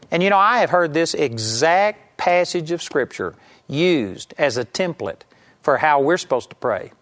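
A man giving a televised Bible teaching, emphatic and rising sharply when he voices quoted pleas. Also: medium pitch.

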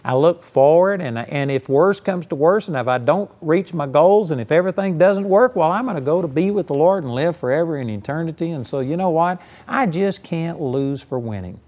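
A man's voice: fairly high pitch, animated, moderate pace, few pauses, darkish tone, lo-fi sound. A man preaching a conversational sermon, folksy and emphatic, telling personal stories to make his point. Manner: folksy, storytelling, emphatic, frequent "you know".

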